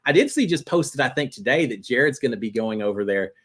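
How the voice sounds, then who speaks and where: A man hosting a live reality-TV chat show, answering viewer questions in a chatty, animated way. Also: medium pitch, fast talker. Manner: chatty and animated, jumping between topics.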